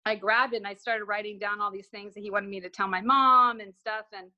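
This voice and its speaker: A woman's voice: medium pitch, steady tone, brisk, muffled recording. A woman guest telling a personal story in conversation, acting out remembered dialogue with frequent restarts.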